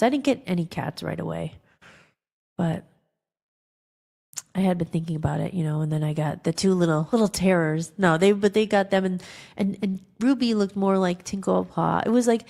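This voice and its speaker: A woman's voice: lowish voice, fairly quick, creaky, a little mellow. A woman hosting a podcast, telling an emotional personal story in a rambling way, with many fillers and restarts. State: tearful at times. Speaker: podcast host.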